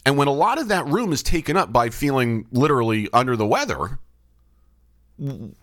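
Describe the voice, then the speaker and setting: A man's voice: mid-range voice, sing-song, normal speed, fairly bright tone, no echo. A man, middle-aged, hosting a podcast and thinking aloud, often asking himself questions and restarting his sentences. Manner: musing, asks himself questions, frequent restarts. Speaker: podcast host and baseball umpire. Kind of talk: reflective solo podcast talk. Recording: dry close-miked studio sound.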